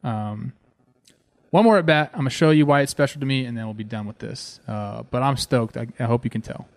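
Excited man from Southern California. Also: mid-range voice, a little fast, no room sound. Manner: excited and animated, says "man" a lot. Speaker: former pro baseball player hosting a video series. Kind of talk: casual storytelling over game footage.

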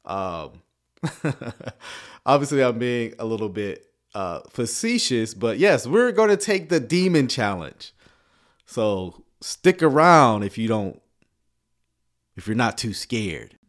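A man's voice: medium pitch, big pitch swings, slow, pauses often. A man giving sarcastic reaction commentary on video clips, with chuckling asides.

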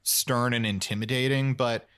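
A man's voice: medium pitch, fairly even intonation, normal speed, a bit bright, clear, resonant tone. A man chatting casually as a podcast host, enthusiastic and rambling with many fillers. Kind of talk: casual chat.

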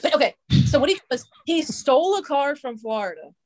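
A woman's voice: high-pitched, sing-song, a little fast, a little mellow. A young adult woman telling a long story in casual, rambling talk, swearing often and filling her speech with "like". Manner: profane, filler-heavy, rambling.

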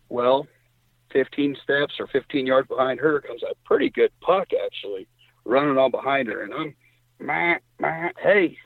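A middle-aged man from Indiana, a hunter telling stories in casual talk and jumping up in pitch when he quotes others. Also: creaky, slightly rough, no room sound. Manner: animated storyteller, voice jumps high when quoting others. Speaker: guest hunter. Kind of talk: casual storytelling. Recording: tinny phone line.

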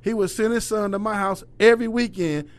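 A middle-aged man, a youth basketball coach, telling stories in casual conversation, profane and animated, acting out the voices of the people he quotes. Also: high voice, brisk.

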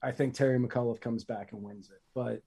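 A man's voice: mid-range voice, steady tone, brisk, creaky, dark tone, breathy edge. A man co-hosting a casual political commentary show, joking and bantering with his partner. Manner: joking, bantering, laughs at his own jokes. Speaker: co-host.

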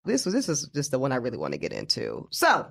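A man co-hosting a podcast, talking through celebrity news in casual chat, animated and quick with asides and laughter. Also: vocal fry, breathy edge. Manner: animated, pitch jumping high for emphasis, quick asides and laughs. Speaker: podcast co-host. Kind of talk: casual pop-culture chat.

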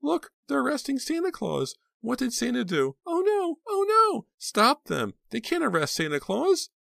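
A man voicing a small child who shouts in alarm, in an audiobook reading. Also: huge pitch swings, normal speed, gravelly, dry recording, clean studio sound, heavily acted. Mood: panicked. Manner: shrill, panicked crying out. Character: young girl, a frightened child in line for Santa.

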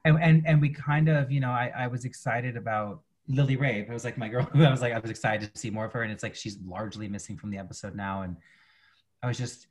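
A husky-voiced man co-hosting a casual TV podcast. He talks quickly, rambles through his thoughts and keeps restarting sentences. His retellings of scenes come out animated. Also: medium pitch. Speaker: podcast co-host. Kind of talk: casual chat reviewing TV.

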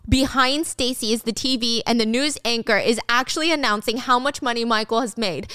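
A young woman casually retelling a drama, animated and swearing freely as she acts out scenes. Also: a little high, brisk, hardly any pauses, clean tone, dry recording, clean studio sound. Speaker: drama recap host. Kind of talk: casual storytelling recap.

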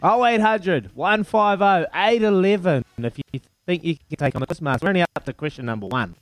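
A man with a New Zealand accent hosting a breakfast radio quiz, excitable and matey, laughing often. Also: high-pitched, fairly quick, no echo. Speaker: radio breakfast show host. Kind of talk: lively radio quiz banter.

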